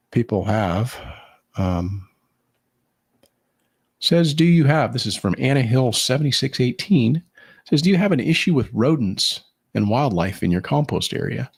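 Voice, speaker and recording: A man's voice: mid-range voice, creaky, darkish tone, husky. A man co-hosting a podcast, telling rambling stories with many fillers in casual chat. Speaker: podcast co-host.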